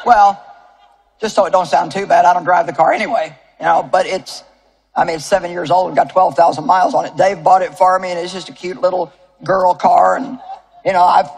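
An older woman with a fairly low, husky voice preaches to a crowd in a large auditorium. Her sermon is folksy and animated, told as a story with asides to the live audience.

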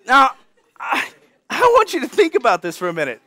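A man preaching a sermon in a lively storytelling manner, acting out characters in casual slang. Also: extremely high pitch, a little fast, dry recording. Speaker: pastor.

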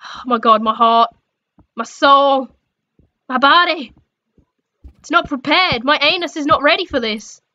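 Young girl gaming, high voice, swears loads, scared then muttering, kinda muffled mic. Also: a little slow, pauses often, sharp tone. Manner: jumpy, sweary, swinging between shrieks and mutters. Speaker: gaming streamer. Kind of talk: horror game commentary.

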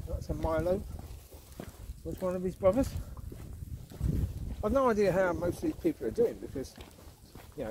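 A middle-aged man chatting casually while walking his dog outdoors, now and then calling out loudly to it. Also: a little high, noisy background. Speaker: dog owner vlogger. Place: outdoors on a rural walk.

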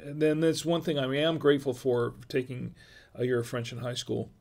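A middle-aged man with a gravelly, fry-edged voice hosts a casual wine livestream. His pitch sits in an ordinary middle range. He rambles through stories with frequent fillers and false starts, pausing to read viewer comments aloud. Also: a little mellow. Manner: rambling, many restarts and fillers; reads viewer chat aloud. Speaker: livestream wine show host.

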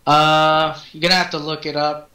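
A man acting as game master, narrating and explaining rulings to his players in a brisk, matter-of-fact way. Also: on the high side, level tone, sharp tone. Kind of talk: narrating a tabletop game over voice chat. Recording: roomy echo.

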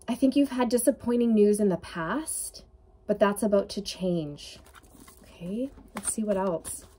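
A woman's voice: mid-range voice, unhurried, warm tone, a little hiss or hum. A woman giving an intuitive tarot reading to camera, talking in an earnest, emotional way with many fillers. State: tearful at times. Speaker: tarot reader.

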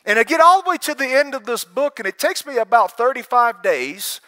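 Preacher, high bright voice, lively storyteller. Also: male voice, a little fast. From Alabama. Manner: animated storytelling, acts out quoted voices, laughs often. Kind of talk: testimony sermon at a conference. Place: conference hall with live audience.

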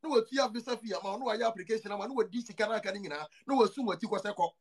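A man's voice: high-pitched, racing, slightly rough. A man with a Ghanaian accent hosting a casual podcast chat, emphatic and repeating his points as he switches between languages. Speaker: show host.

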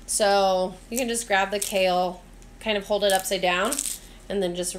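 A woman's voice: mid-range voice, fairly even intonation, moderate pace, a little hiss or hum. A woman giving a casual, chatty cooking demonstration in her home kitchen, mixing instructions with friendly asides. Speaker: cooking vlogger and teacher.

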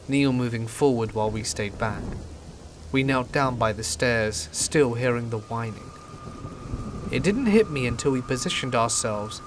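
A man calmly reading a horror story in scripted narration. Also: medium pitch. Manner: calm, steady storytelling. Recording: faint rain noise behind voice. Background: rain and thunder ambience.

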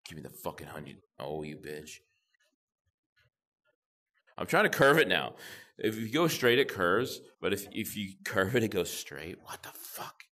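A young man talks through his gameplay and swears freely, reacting to every moment. His voice sits very low, but it swoops widely up and down as he gets worked up. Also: measured pace, pauses often. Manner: profane, excitable, talks to himself while playing. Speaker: gamer channel host. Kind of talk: gameplay commentary.

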